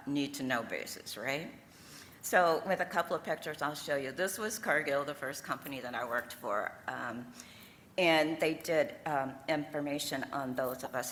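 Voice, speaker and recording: An older woman from the American South with a Southern accent, telling personal stories as a panel speaker, lively and laughing often. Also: low voice, slight background noise. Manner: lively, laughing, asks the audience "okay?" and "right?". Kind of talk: storytelling talk with slides. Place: lecture room. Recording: reverberant hall, faint ambience.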